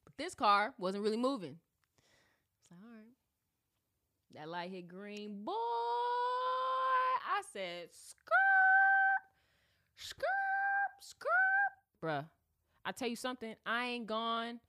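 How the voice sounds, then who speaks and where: A woman hosts a podcast and tells a story in a loose, slangy way, often acting out voices. Her pitch swoops up and down all the time, and her tone is bright and forward. She chats casually, as if with friends. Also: slow pace, pauses often. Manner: animated, slangy, acts out voices. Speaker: podcast host.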